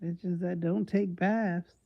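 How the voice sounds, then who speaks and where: A woman hosting her own live stream, reacting to what she reads with loud, teasing, disbelieving commentary full of slang. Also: on the low side, fairly even intonation, slow pace, creaky, highs cut off. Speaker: livestream host.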